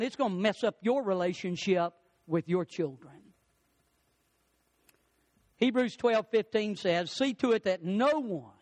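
Male preacher, very high-pitched and dry. Impassioned sermon storytelling, slows down and swells for emphasis. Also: no room sound. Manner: impassioned, acts out quoted voices, swells louder and slows for emphasis.

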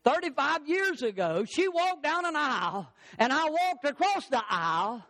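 A man's voice: very high-pitched, big pitch swings, moderate pace, pushed and bright. An older man preaching a sermon in an emphatic, repetitive preaching cadence, driving points home as a pastor.

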